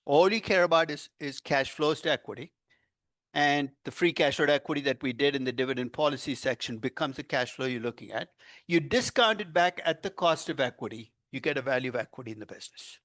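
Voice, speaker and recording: An older male finance professor giving a university lecture, animated and quizzing his class, stressing key words as he explains. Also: fairly high pitch, dry recording, studio quality. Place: lecture room.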